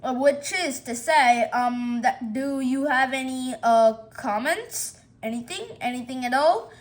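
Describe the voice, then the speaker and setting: A woman's voice: high voice, expressive, a little slow. A woman playing a chatty cat sports announcer. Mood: pushy. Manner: rambling, pushy interviewer.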